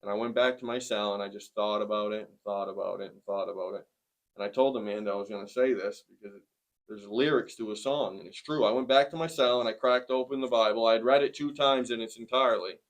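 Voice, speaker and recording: A man in his forties giving a personal testimony in conversation, plainspoken and earnest, with many pauses. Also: fairly low pitch, steady tone. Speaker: interviewee sharing a testimony.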